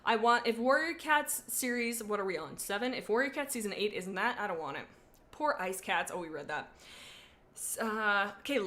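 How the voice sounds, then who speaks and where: A young woman streaming live, casually reading fan fiction aloud with excitable, giggly, rambling tangents. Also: medium pitch, moderate pace.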